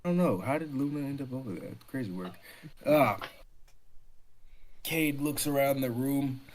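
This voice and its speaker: A man's voice: medium pitch, animated, moderate pace, a little mellow, a little hiss or hum. Man narrating as dungeon master. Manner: descriptive, with frequent fillers. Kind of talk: narrating a tabletop game.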